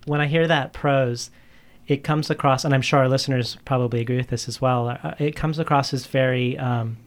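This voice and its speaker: A man's voice: mid-range voice, steady tone, a little fast. A man interviewing an author, asking long questions with frequent hesitations and restarts. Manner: hesitant, with many restarts and fillers.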